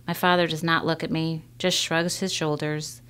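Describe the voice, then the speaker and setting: A woman reading a children's novel aloud in a measured first-person storytelling manner. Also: deep voice, flat delivery, fairly bright tone, clean tone. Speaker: reader.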